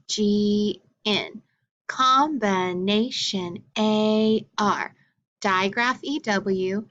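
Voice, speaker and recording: A woman teaching a phonics lesson for children, her voice sitting at a middle pitch. She drills letter names in a slow, deliberate way. The recording sounds dull and lo-fi. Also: a bit bright.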